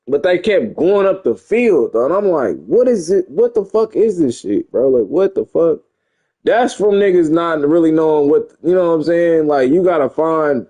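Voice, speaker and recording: A man's voice: a little high, mellow. A young man talking casually and profanely over his football video game, rambling and boasting. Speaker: gamer streamer. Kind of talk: casual gameplay commentary.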